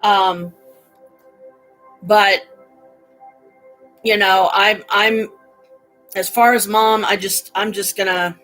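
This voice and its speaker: A woman's voice: mid-range voice, steady tone, very slow, long pauses, a bit bright, faint music behind, poor audio. A middle-aged woman on a casual livestream, venting angrily with lots of swearing about a family quarrel. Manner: angry, profane ranting.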